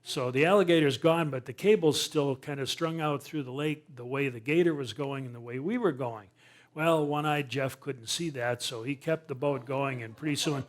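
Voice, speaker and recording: An older man, a naturalist speaker, telling a humorous story to a live audience with lively sound effects and self-deprecating asides. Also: fairly high pitch, moderate pace, a faint crowd.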